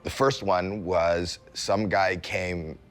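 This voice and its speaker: Low-voiced older man telling a comic story. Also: slow pace, faint music behind. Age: 60s. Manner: animated comic storytelling, jumps into high-pitched yelps when acting out scenes. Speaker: celebrity guest. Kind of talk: casual storytelling chat.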